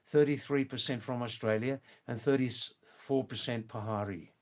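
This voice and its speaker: An older man from England, hosting a live stream, chatting casually with viewers in a slow, rambling way full of hesitant fillers. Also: medium pitch. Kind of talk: casual live chat reading viewer comments.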